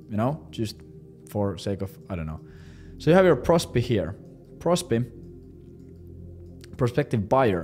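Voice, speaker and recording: A man in his twenties giving a casual sales-coaching talk, brash and profane, sometimes putting on high squeaky voices. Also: a little mellow. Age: 20s. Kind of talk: casual instructional monologue.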